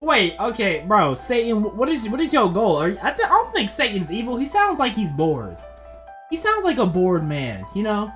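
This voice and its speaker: A woman's voice: mid-range voice, wildly swooping pitch, moderate pace, faint music behind. A woman co-hosting with comedic commentary, riffing exclamatorily with slang and laughter. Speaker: co-host.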